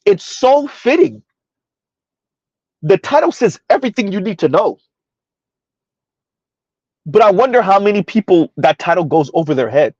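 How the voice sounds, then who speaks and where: A man's voice: high voice, animated, normal speed, long pauses, a little mellow, no echo, highs cut off. A man doing casual, rambling commentary on a live stream, reading out chat messages as he goes. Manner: rambling, conversational, reads chat aloud.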